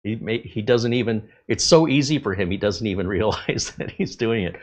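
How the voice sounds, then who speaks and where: Deep-voiced man hosting a live tech stream. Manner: relaxed, chatty, many filler pauses. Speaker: tech channel host. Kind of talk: live stream chat, reading viewer greetings.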